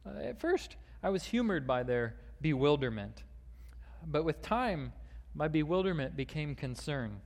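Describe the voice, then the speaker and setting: A man's voice: fairly high pitch, sing-song, a little slow, a little mellow, big-room sound. A man preaching a sermon, with frequent fillers and restarts, reading a long quoted passage aloud. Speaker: pastor.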